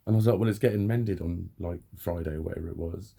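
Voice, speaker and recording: A man's voice: low voice, quick pace, vocal fry, mellow, slightly rough. A man in a heated, blunt personal rant, swearing constantly as he tells his story to camera. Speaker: vlogger.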